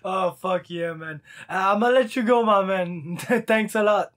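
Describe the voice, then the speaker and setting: Man, podcast host, high-pitched, laid-back and profane. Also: a little slow, a bit bright. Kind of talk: casual interview chat.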